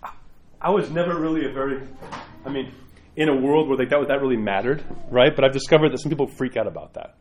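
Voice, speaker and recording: A man's voice: medium pitch, quick pace. A man, a parish priest, giving an informal sermon in a rambling, chatty way with frequent asides.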